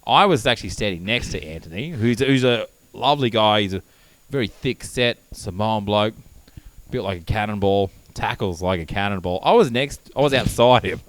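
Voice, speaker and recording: Animated man telling a story. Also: fairly low pitch, normal speed. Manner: animated, swearing, laughing storyteller. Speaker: podcast co-host. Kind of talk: casual chat, storytelling.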